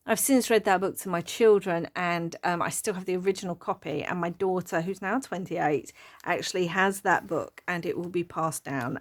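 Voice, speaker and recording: Chatty, giggly middle-aged woman. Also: on the low side. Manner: chatty and rambling, prone to giggling fits. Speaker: craft channel host. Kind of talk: casual journal flip-through chat.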